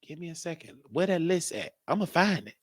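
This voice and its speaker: Cracking jokes and thinking out loud, this man runs his own live-stream show as a loose, rambling monologue. He sounds very animated and fairly quick, with a somewhat high voice that swings widely in pitch. The audio is dry and close, with no room sound.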